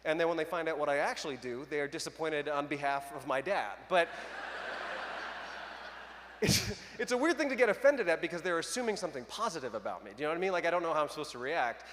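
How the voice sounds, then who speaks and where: A man's voice: on the high side, animated, quick pace, fairly bright tone. A young man doing a stand-up comedy set on a large arena stage, self-deprecating and conversational, bantering with the crowd. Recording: arena reverb, faint crowd noise. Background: audience laughter.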